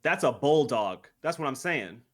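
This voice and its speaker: A man's voice: medium pitch, animated, moderate pace, a bit bright. A man, a guest YouTuber, chatting in an easygoing, playful way and going along with the jokes in an improvised comedy bit.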